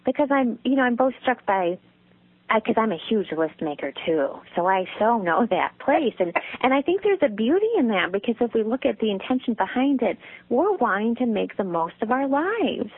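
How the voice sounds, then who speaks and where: A woman guest with a loving, nurturing voice, telling stories in a reflective, unhurried way. The sound is dry, with no room around it. It comes through a tinny phone line. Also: on the high side, big pitch swings, slightly rough, no room sound. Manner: reflective, storytelling. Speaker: guest, writer. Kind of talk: casual interview chat.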